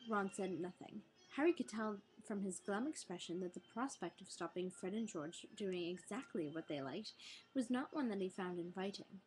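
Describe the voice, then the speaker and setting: A woman's voice: mid-range voice, moderate pace, a little mellow, faint music behind, poor audio. A woman, tired and rambling, chatting casually before reading a book aloud. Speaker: reader.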